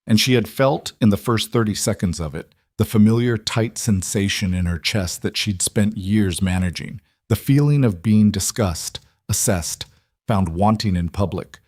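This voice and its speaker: In a lower-pitched voice, a man narrates a frontier story with a measured, even storytelling delivery. The recording is dry and close, with no room sound.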